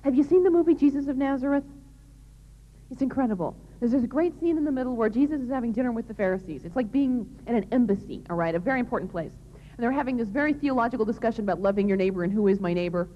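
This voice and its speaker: Speaking quickly in a fairly high voice, this woman addresses young people in a large hall with an earnest, emphatic, plain-spoken religious talk on chastity. There's a little hiss or hum on the dull, reverberant lo-fi recording.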